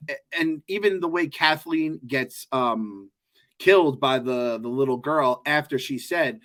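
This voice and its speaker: A man co-hosting a podcast, chatting casually in an animated, joking way with lots of swearing. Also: mid-range voice, unhurried. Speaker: podcast co-host. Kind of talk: casual chat.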